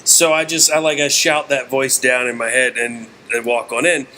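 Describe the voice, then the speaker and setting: A man casually telling a comedy story on a podcast, animated, with his voice jumping up whenever he acts out his own excited shouting. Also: mid-range voice, moderate pace, a little hiss or hum.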